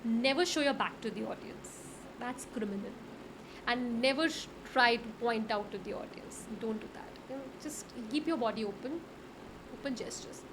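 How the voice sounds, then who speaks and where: A middle-aged woman with an Indian English accent, explaining public speaking tips in an animated, instructive way and often repeating words. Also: on the high side, normal speed. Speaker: soft skills trainer. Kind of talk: conversational interview, Hinglish. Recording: faint background noise.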